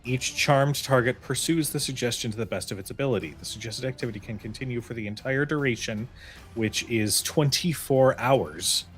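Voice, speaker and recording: A man's voice: mid-range voice, normal speed. A man acting as game master, explaining the rules and thinking aloud as he rules on a spell. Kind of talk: running a tabletop game.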